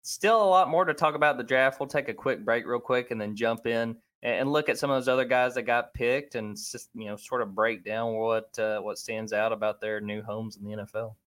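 A man's voice: medium pitch, brisk, few pauses, a bit bright. A man hosting a casual sports podcast, talking in a loose, conversational way with frequent restarts. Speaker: podcast host.

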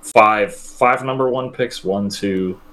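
Low-voiced man talking sports analysis. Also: fairly bright tone. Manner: measured, restarts often. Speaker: podcast co-host, analyst.

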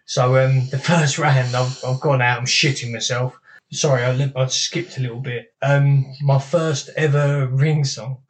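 A man's voice: medium pitch, fairly even intonation, a little slow. A man telling stories in a casual chat, swearing freely and laughing as he goes. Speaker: guest, former boxer.

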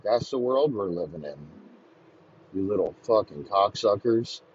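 A man's voice: fairly low pitch, expressive, unhurried. A man ranting crudely and mockingly, swearing constantly in a comedic tirade. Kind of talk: profane comedic rant. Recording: slightly muffled lo-fi recording, faint background noise.

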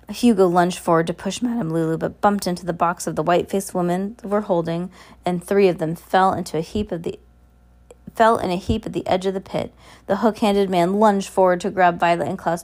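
A woman's voice: fairly low pitch, darkish tone. A woman reading a novel aloud, now and then stumbling and correcting herself.

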